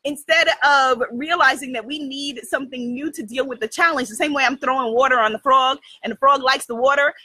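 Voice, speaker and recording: A woman hosting a casual chat with her viewers, telling a story in an animated way, laughing often and asking "right?". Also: high voice, fairly quick, hardly any pauses, slightly rough, no room sound. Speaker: host addressing her viewers.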